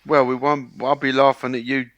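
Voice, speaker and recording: A man's voice: mid-range voice, flat delivery, moderate pace, a bit bright. A man co-hosting a casual football podcast with blunt, sweary interjections. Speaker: podcast co-host.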